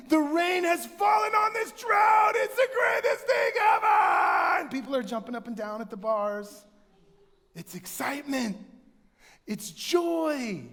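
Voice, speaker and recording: A man preaching a conversational sermon in a church, telling animated stories and sometimes shouting for effect. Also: extremely high pitch, vocal fry. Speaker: pastor. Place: church sanctuary. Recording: church hall reverb.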